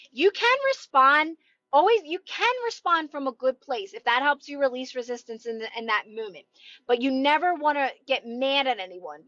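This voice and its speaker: A woman coaching viewers in a casual live-stream chat, talking loudly and emphatically in a reassuring way. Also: fairly high pitch, dry recording, dull audio. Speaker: manifestation coach. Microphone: phone.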